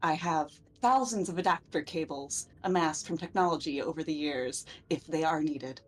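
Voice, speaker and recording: A woman voicing a polite, formal robot who talks in stiff, deliberate phrases. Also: low-pitched, a little hiss or hum, close to an everyday voice. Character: formal polite robot, dated lab machine.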